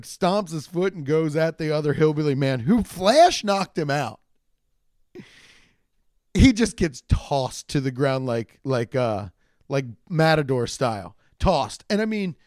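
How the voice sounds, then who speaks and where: A young man rambles through a profane comic story, his pitch swinging wildly as he acts out everyone in it. His voice sits a little high for a man. The sound is close and dry. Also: dry recording. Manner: rambling and animated, acts out shouted quotes. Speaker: comedian telling a story.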